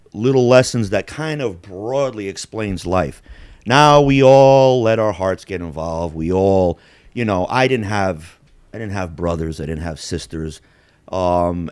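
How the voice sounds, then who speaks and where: Host, man, 40s, lowish voice, blunt and profane storyteller, dry close mic. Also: darkish tone, dry recording. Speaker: podcast host. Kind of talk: casual storytelling chat.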